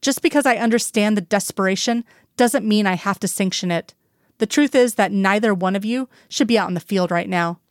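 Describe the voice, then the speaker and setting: A woman's voice: medium pitch, fairly quick, no echo, clean studio sound, natural voice. A woman voicing a stern, protective male FBI boss who scolds in clipped sentences in a storybook reading.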